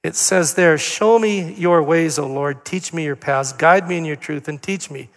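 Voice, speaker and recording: An older man preaches in a relaxed, conversational manner, telling family stories with ums along the way. His voice sits a little high, and it rings with the long reverb of a church hall. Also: normal speed. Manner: conversational, anecdotal, with fillers. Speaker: pastor. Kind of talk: sermon.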